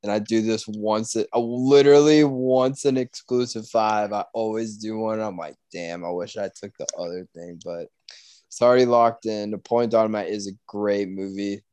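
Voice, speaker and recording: Animated young man on a dry mic. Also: on the low side, normal speed, smooth, no echo. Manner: animated, swearing, bursts into loud outcries. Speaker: podcast co-host. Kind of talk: casual chat.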